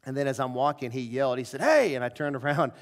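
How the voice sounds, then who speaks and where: A male preacher telling a personal story in a revival sermon, acting out the dialogue with lively shifts of voice. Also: mid-range voice, quick pace. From southern United States.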